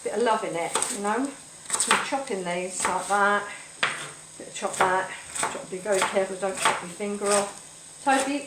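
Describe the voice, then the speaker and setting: A woman with a fairly high voice hosts a home cooking stream, rambling cheerfully and greeting viewers by name. Food sizzles in the pan behind her. The kitchen sounds roomy and echoey, with a faint hiss underneath. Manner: chatty, playful, rambling, talks to viewers and dogs. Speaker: cooking show host. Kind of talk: casual live-stream cooking chat. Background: frying and sizzling food.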